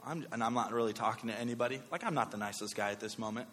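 A man, preaching a sermon with a personal story, talking conversationally with animated asides. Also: mid-range voice, very fast. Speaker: pastor. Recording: long hall reverb.

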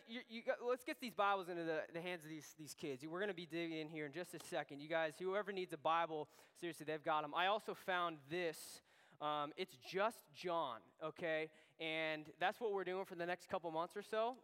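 High-voiced youth pastor in a hall. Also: male voice, clean tone. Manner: animated storytelling with many restarts. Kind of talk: youth group talk. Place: church hall. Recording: long hall reverb.

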